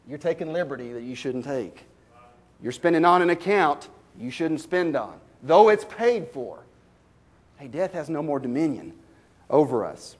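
A fairly high-voiced man preaching. He tells folksy stories and fires rhetorical questions at the congregation, swinging from loud bursts to slow, emphatic lines. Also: sing-song. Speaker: pastor. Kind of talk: sermon.

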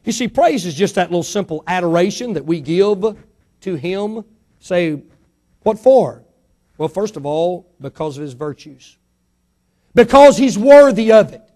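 A middle-aged man preaching a sermon to his church, emphatic, swinging between loud build-ups and quiet asides, full of rhetorical questions. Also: high voice, animated, unhurried. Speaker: pastor.

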